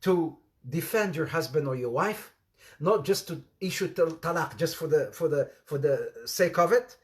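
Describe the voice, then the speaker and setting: Guy preaching casually, high voice, lively storytelling with lots of repeats. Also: moderate pace. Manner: animated storytelling with laughter and repetition. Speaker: Islamic preacher. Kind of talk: informal sermon with anecdotes.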